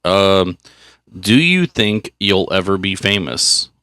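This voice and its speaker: A man's voice: sits low, sing-song, slow pace, bright, forceful tone, smooth, no room sound. A man from Kansas co-hosting a podcast in casual chat, reading out questions and giving brief, dry replies. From Kansas, USA. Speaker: podcast co-host.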